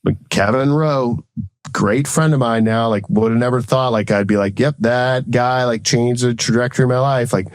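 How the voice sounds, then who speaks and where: A man's voice: mid-range voice, dry recording. A man in his thirties, a former Marine officer, telling a story casually and rambling, with "like" in nearly every phrase and quoted exchanges acted out. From United States. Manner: fast, rambling, heavy use of "like", acts out quoted exchanges. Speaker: guest, Marine officer and entrepreneur.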